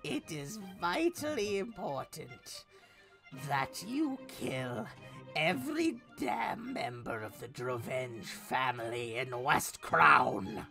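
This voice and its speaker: A man voicing a wizened old grandmother who is secretly a demonic spirit, in a slow, high, quavering old-lady voice for a tabletop game. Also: very animated, gravelly, bright, forceful tone, soft background music, full character voice. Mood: sweetly ominous.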